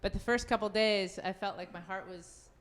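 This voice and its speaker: A woman in her fifties, a former goalkeeper, telling a lively story on a live panel, laughing often and acting out quotes. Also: medium pitch, normal speed. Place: event venue.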